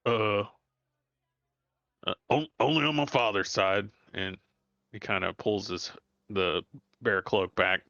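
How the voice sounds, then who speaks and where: A man playing a tabletop game, speaking loudly and eagerly. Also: fairly low pitch, slow, pauses often, no echo. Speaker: player. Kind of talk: tabletop role-play. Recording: dull lo-fi sound.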